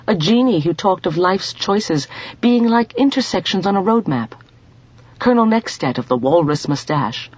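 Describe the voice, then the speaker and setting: A woman reading an audiobook in measured storytelling narration. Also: fairly low pitch, slightly rough, muffled recording.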